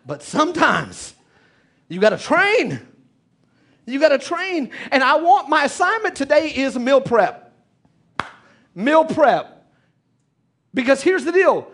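A man preaching a sermon as pastor, animated and calling out to his congregation. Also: very high voice, slow, long pauses.

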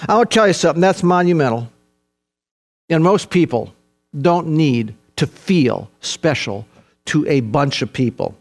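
Older male preacher, earnest and emphatic, slightly high voice, repeats for effect. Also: expressive, moderate pace. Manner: earnest and emphatic, repeating key phrases, addressing listeners as folks. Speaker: pastor. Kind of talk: sermon.

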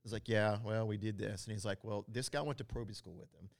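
A man's voice: fairly low pitch, fast, vocal fry. A middle-aged man, a company co-founder, telling stories in casual chat and acting out what people said. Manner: animated storyteller acting out quotes. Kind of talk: casual storytelling.

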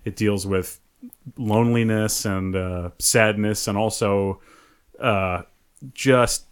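A man co-hosting a casual chat, animated, laughing often and restarting his sentences. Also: on the low side, takes it slowly, smooth. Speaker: podcast co-host.

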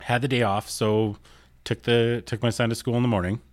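A man's voice: mid-range voice, little pitch movement, a little fast, no echo, clean studio sound. A man co-hosting a podcast, easygoing, mostly reacting with short remarks. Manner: easygoing, brief reactions, laid-back. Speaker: podcast co-host. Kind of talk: casual chat. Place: home kitchen.

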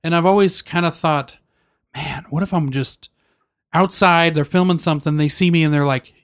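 A man's voice: fairly high pitch, steady tone, moderate pace, clear, resonant tone. A man chatting casually and jokingly, slipping now and then into silly voices. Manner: jokey, slips into voices and accents. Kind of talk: casual chat. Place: Utah.

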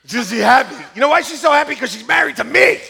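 A pastor with a very high, gravelly voice joking through a sermon skit. His tone is bright and sharp, and he swings from teasing to loud preaching. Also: fast talker. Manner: playful, joking, then shouting with excitement. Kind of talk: lively sermon with staged skit. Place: church sanctuary.

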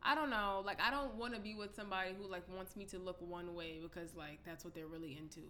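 A woman's voice: on the low side, steady tone, quick pace, bright, forceful tone, a little hiss or hum. A woman in casual chat, telling stories with lots of "like" and acting out what other people said. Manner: chatty storyteller, lots of "like", acts out other people's words.

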